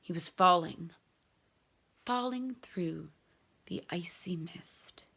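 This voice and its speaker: A woman reading a novel aloud in an expressive, dramatic storytelling manner. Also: fairly low pitch, slow, gravelly, long pauses, slightly rough. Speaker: reader.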